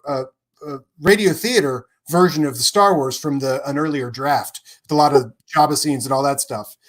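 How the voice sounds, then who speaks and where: A man on a livestream as a guest, chatting casually in a rambling, animated way, full of fillers and laughs. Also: fairly high pitch. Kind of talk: casual chat. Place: home, on a livestream.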